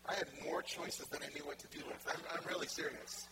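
A pastor delivers a loose, conversational sermon, slipping into quoted voices to act out his points. His voice sits a little high and his pace is brisk, with a strong wash of loud background noise running under the recording.

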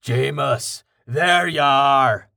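A man voicing a huge, boisterous bearded warrior in armor, loud and hearty, in an audiobook. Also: mid-range voice, very slow, gravelly, exaggerated voice. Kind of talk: audiobook character voice.

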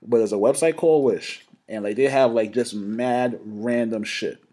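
A young man co-hosting a casual podcast chat, telling a story with lots of laughter and animated energy. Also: medium pitch, normal speed. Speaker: podcast co-host.

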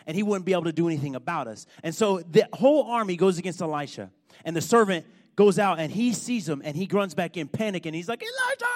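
High-voiced, fiery preacher. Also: male voice. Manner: animated storytelling, rising to loud emphatic points. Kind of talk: sermon.

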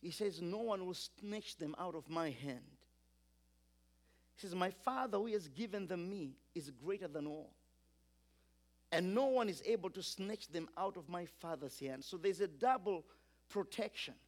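A man delivers a sermon in a high voice. He preaches with emphasis, stacking repeated phrases and swinging between loud and quiet passages as he leads his listeners. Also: lively intonation, a little slow. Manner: emphatic, repetitive build-ups, urges congregation to repeat.

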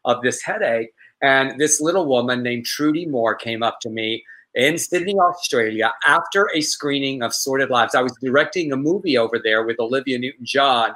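A man co-hosting a talk show, chatting casually and telling a personal story with animated quoted voices. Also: medium pitch, low-quality recording. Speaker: co-host.

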